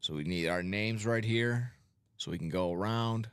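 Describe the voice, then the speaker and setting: Male host of a live card break with a lowish, upbeat voice and a catchphrase-heavy, casual delivery. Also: normal speed, clear, resonant tone. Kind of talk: casual live-stream banter. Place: card break room studio.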